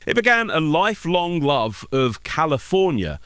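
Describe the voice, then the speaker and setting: A man hosting a radio sports program, narrating a script and interviewing a guest in a measured, polished way. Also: on the high side, very animated, a bit bright, no echo. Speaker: radio host.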